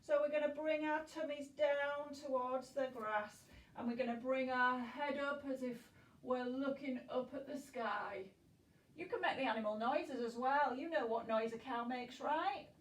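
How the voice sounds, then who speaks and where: Woman, children's yoga teacher, playful, encouraging, slow, echoey room. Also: high-pitched, distant mic. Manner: encouraging, playful, makes animal noises. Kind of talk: guided children's yoga class.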